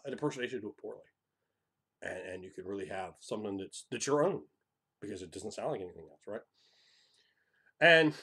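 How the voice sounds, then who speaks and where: A man hosting a tabletop role-playing channel, talking in a profane, animated monologue that swings from loud bursts to hushed whispers. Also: fairly high pitch. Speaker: tabletop RPG channel host. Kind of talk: excited casual monologue.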